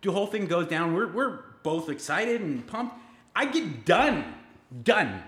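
A man with a high, very lively voice rambles through a story, excitable and full of swearing. There's a roomy echo around him. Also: unhurried. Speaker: podcast co-host. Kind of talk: casual comedic chat.

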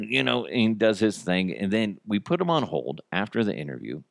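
A man hosting a comedy podcast, rambling through stories with quick asides. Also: on the low side, very animated, vocal fry, no echo, clean studio sound. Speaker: podcast host. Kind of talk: casual comedic chat.

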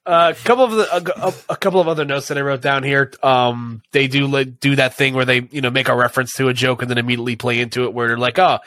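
A man's voice: mid-range voice, fairly even intonation, fast, few pauses, a bit bright, no room sound. Rambling man on a dry mic. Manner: rambling, lots of restarts. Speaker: podcast co-host. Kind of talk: casual chat.

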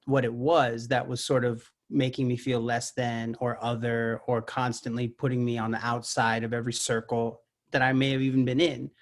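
A man in his thirties speaks as a guest in a relaxed podcast conversation. He talks in long, earnest, reflective stretches at a middle pitch. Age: 30s. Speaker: guest, actor and musician. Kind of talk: casual podcast chat.

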